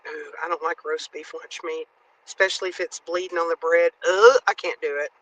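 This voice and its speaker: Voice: medium pitch, steady tone, brisk, fairly bright tone, a little hiss or hum, poor audio. A speaker, chatting bluntly and telling stories on a live online call. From Nashville, USA. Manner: blunt, outspoken, storytelling. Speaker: guest in a live audio chat. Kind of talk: casual chat.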